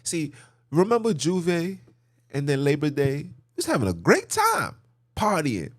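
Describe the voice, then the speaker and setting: Male vlog host, impassioned preachy commentary, highish animated voice, dry close sound. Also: a little slow, no echo. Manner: preachy, repetitive, rhetorical; mocking asides. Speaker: channel host.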